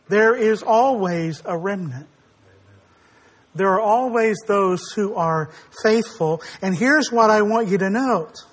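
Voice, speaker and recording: A man's voice: extremely high pitch, a bit bright. A man preaching a sermon, earnest and emphatic, stressing his words and sometimes acting out quoted speakers.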